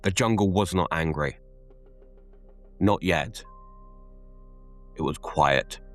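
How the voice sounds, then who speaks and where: A man narrates a scripted horror tale in a very low voice. He takes it slowly and deliberately, each line measured. Faint music sits underneath.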